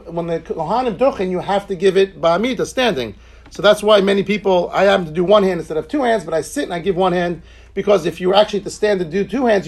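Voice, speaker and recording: A man with a high voice leads a Talmud class. He talks in a loose, conversational way, restarts his sentences often, and drops in joking asides. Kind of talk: informal Talmud lecture.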